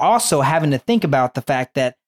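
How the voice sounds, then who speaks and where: Animated rambling young man telling a story. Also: on the high side, brisk. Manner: animated, rambling with many restarts and fillers. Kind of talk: casual faith-based storytelling.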